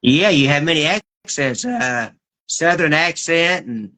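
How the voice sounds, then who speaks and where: A male host with a bright, forceful voice pitched a little high. He runs a casual video-call interview, keeps the chat going and works through questions he has written down. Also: animated, a little slow. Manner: chatty, asks questions he wrote down.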